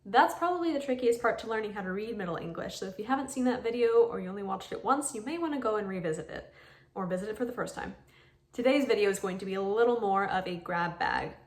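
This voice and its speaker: A young adult woman giving a video language lesson, patiently explaining and repeating sounds slowly so learners can follow. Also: mid-range voice, animated. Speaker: language teacher.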